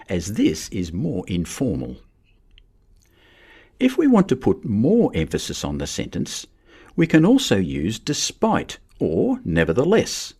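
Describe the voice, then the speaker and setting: A man giving a measured, scripted narration for a lesson on writing. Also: mid-range voice, darkish tone, slightly rough. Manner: measured, explanatory. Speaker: teacher.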